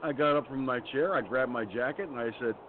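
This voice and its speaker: A man rants through a story, cursing freely and talking in a blunt, angry way. His voice sits at an everyday middle pitch. It comes through a narrow, phone-like line with a faint hiss underneath. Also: fairly quick. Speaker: radio show host. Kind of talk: ranting personal storytelling.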